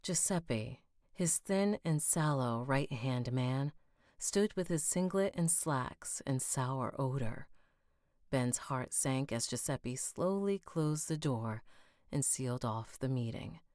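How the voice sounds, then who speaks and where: A woman's voice: extremely low pitch, lively intonation, slow pace, darkish tone, no echo, clean studio sound. A woman narrating a fantasy audiobook, stopping to fix slips and rereading lines.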